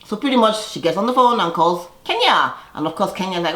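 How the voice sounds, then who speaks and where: A woman's voice: medium pitch, very animated, moderate pace, a bit bright, reverberant. A woman casually recapping a reality TV episode, chatty and sassy, laughing often and acting out quoted lines.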